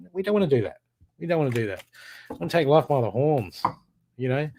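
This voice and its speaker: This is a man at an ordinary middle pitch, running a live tarot reading. He talks casually and warmly to viewers, repeats his encouragements, and coaches them to take charge. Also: sing-song, quick pace, pauses often, slight background noise. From Australia. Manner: casual, encouraging, repetitive pep talk. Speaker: tarot card reader. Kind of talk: live-streamed card reading.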